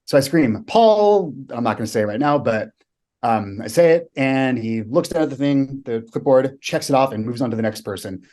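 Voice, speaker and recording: A brisk, darkish-toned man with a mid-range voice is the guest in a podcast interview. The American coach tells his stories with vivid, emphatic energy and blunt profanity.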